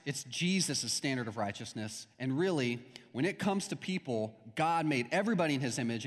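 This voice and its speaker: A young adult man preaching a sermon as a pastor, in a conversational style with stories and acted-out quotes. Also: mid-range voice. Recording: long hall reverb.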